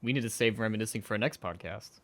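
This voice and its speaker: A man's voice: lowish voice, a bit bright. A young man cohosting a casual podcast, chatting in a rambling way and acting out little quotes as he tells stories. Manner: chatty, rambling, with quick acted-out asides. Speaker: podcast co-host. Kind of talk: casual chat.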